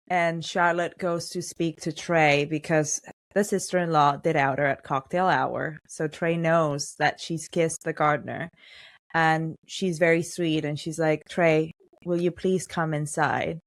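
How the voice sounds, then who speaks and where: A woman hosting a podcast, retelling scenes in a lively, chatty way and voicing the characters' lines as she goes. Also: deep voice, unhurried. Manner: animated storytelling, acts out characters' lines. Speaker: podcast host. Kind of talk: casual podcast recap chat.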